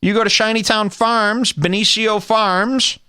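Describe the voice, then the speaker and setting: A man's voice: high voice, steady tone, unhurried, sharp tone, clear, resonant tone. A man hosting a comedy podcast, ranting in a sarcastic, profane, mock-outraged way. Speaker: podcast host.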